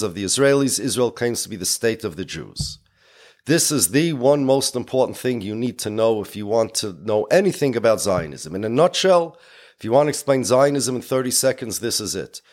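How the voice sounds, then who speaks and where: A man's voice: medium pitch, darkish tone. Emphatic man lecturing. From United States. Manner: emphatic and explanatory, with many Yiddish and Hebrew words. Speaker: speaker.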